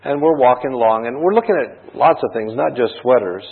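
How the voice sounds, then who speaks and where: A man's voice: mid-range voice, expressive, fairly quick, gravelly, slightly rough. A man preaching a sermon, telling a personal story in a conversational way and asking rhetorical questions. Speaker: pastor. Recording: tinny phone-like band.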